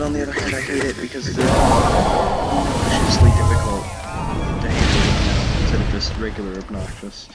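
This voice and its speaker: A man giving playful let's play commentary, joking and scolding his in-game companion. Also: medium pitch. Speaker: gamer commentator. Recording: loud game music behind voice. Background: video game music.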